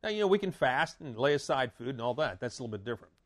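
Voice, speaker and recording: A man preaching a sermon in a folksy way, with repeated phrases, stammered restarts and loud declaring. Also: medium pitch, very animated, very fast.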